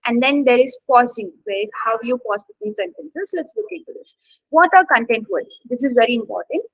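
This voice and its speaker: A woman's voice: a little high, animated, brisk, fairly bright tone, dry recording, rough recording. A woman instructor teaching a live online exam-prep class, checking in often with "okay" and "got it" and stressing key words as she explains.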